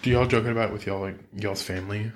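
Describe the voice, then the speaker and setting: A young man joining a podcast as a guest, dropping blunt, quick one-liners in casual chat. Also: lowish voice, fairly even intonation.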